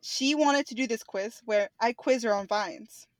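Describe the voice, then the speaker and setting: A woman's voice: fairly high pitch, a little slow, no echo. A young woman co-hosting a casual podcast, running a quiz in an upbeat, teasing way. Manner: teasing, upbeat, laughs often. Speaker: podcast co-host, quizmaster. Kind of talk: casual chat.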